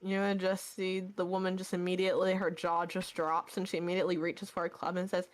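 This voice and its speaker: A woman's voice: fairly low pitch, level tone, brisk, few pauses. A woman narrating a tabletop game as game master, in a casual way full of fillers.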